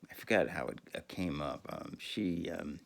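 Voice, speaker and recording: A man's voice: deep voice, normal speed, creaky. A man podcaster telling a rambling, profane story in a casual monologue, full of fillers and laughing at himself.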